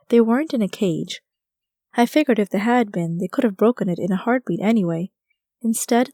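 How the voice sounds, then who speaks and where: A woman narrates a first-person audiobook in a wry, conversational way. Her voice is mellow and soft-edged. The recording is dry and close, with no room sound. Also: medium pitch, no room sound.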